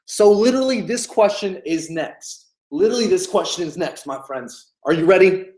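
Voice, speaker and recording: A man's voice: high voice, animated, normal speed, a little mellow. A man giving a motivational sales coaching talk, emphatic and hyped, repeating key phrases and swearing freely. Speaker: business coach.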